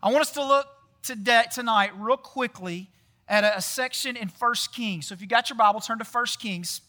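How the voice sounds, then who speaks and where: A man's voice: extremely high pitch, normal speed, sharp tone. A man giving a casual sermon, chatty and often quizzing the audience with questions. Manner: chatty, often tags lines with "right?". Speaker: pastor.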